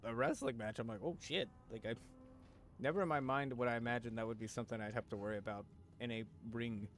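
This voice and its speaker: Chatting casually with his viewers, this male livestreamer jokes and rambles, often restarting lines, leaning on fillers and swearing loosely. He speaks quickly at a medium pitch over soft background music.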